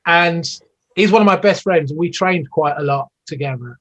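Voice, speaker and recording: A British man in his fifties, once an Olympic athlete, rambles through long stories as an interview guest, full of fillers and restarts. His voice is fairly high and a bit bright at a normal speed, and the recording is rough.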